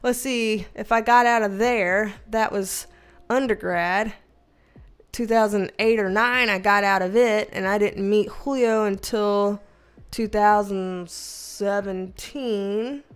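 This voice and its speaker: On her livestream, a Southern woman in her thirties talks casually and tells stories with plenty of energy, laughing and swearing along the way. Her light Southern accent comes through in a smooth, medium-pitched voice, and her pace is slow.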